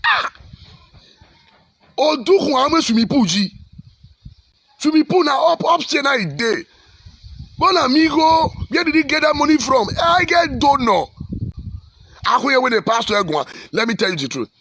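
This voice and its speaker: A man's voice: very high voice, expressive, moderate pace, pauses often, bright, forceful tone, slight background noise. A man with a Nigerian accent, a pastor delivering fiery, repetitive exhortation on the state of his country. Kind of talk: impassioned social commentary.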